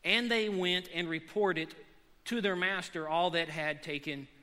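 A male pastor preaching a sermon in a church sanctuary, emphatic, repeating key words and climbing in pitch and force as he presses his points. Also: measured pace, sharp tone. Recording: long hall reverb.

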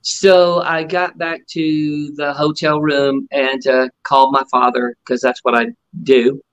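A man's voice: medium pitch, level tone, measured pace, fairly bright tone, rough recording. A middle-aged man and ventriloquist guest, telling stories in a casual interview and acting out other people's lines with animation.

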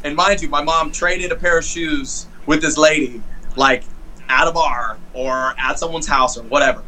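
A man's voice: on the high side, steady tone, moderate pace, sharp tone, slight background noise. Rambling man chatting over a phone call. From St. Louis, USA. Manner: rambling, many fillers and restarts. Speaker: guest musician. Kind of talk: casual storytelling chat. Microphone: phone on a video call.

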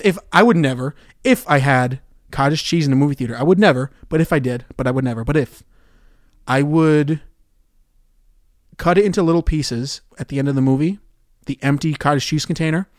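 A young man hosting a solo podcast, swearing and ranting sarcastically about his movie theater job, going from loud outbursts to quiet mutters. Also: mid-range voice, no echo, clean studio sound. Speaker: podcast host.

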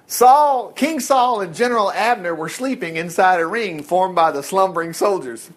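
A man's voice: high-pitched, moderate pace. A man teaching a Bible story informally, acting out the characters and joking as he goes. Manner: animated storytelling, acts out voices, jokes and chuckles.

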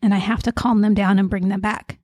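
A middle-aged woman host telling personal stories in an earnest, confiding way, with soft fillers between thoughts. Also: mid-range voice, flat delivery, fairly quick, no echo, studio quality. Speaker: podcast host and emotional coach. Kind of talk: personal storytelling monologue.

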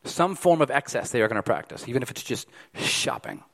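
A man preaching a sermon as pastor, emphatic, swinging from loud peaks to hushed lines. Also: mid-range voice, wildly swooping pitch, brisk, creaky. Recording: long hall reverb.

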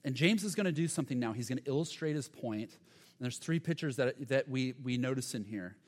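A man's voice: medium pitch, lively intonation, brisk, a little mellow. A man preaching a sermon as pastor, earnest and emphatic, sometimes stumbling over his words. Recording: long hall reverb.

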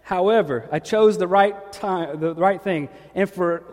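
A pastor preaching from the pulpit of a church, spinning a funny personal story with lively, joking energy. His voice sits a bit high for a man. A long hall echo trails after his words. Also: a little slow. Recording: echoey hall.

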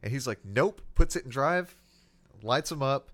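A man's voice: medium pitch, moderate pace. Male officer guest, conversational storyteller, easy laughs. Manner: animated, laughs while telling stories. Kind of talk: casual storytelling.

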